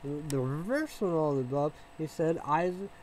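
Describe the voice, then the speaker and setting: A man in a casual vlog monologue, rambling and repeating himself, with many fillers and restarts, swinging between low mumbling and loud outbursts. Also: normal speed, slight background noise, low-quality recording. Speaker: vlogger.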